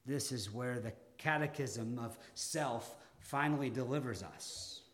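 A male pastor preaching a sermon, deliberate and dramatic, pausing often and swinging between emphatic and hushed delivery. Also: mid-range voice.

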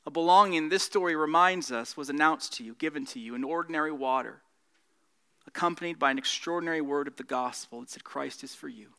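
A male pastor delivering a sermon with a bright, forceful voice. He sits a little high for a man and preaches earnestly, swelling on key points and dropping softer as each one closes. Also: quick pace, clean tone.

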